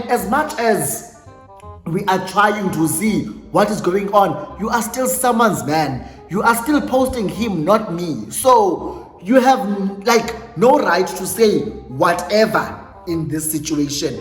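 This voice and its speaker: A South African man on his YouTube channel, telling a storytime tale in an animated, dramatic way and mixing English with Xhosa phrases. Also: high voice, slow pace. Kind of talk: storytime vlog. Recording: echoey room with long reverb, faint music.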